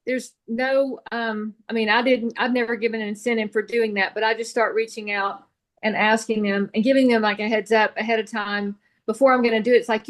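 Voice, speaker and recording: A woman on a group video call sharing tips casually, eager and quick to restart and correct herself. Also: a little high, flat delivery. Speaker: team member on a video call.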